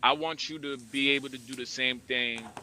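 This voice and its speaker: A man speaking in an online audio room, halting and hesitant, full of fillers. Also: medium pitch, fairly even intonation, noisy background.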